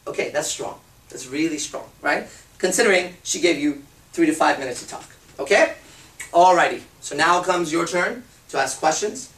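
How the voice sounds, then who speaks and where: Brief: profane, emphatic male seminar speaker, a bit high, heard from a distance in an echoey room. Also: moderate pace, fairly bright tone. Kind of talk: live seminar talk. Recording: roomy hall, speaker off-mic.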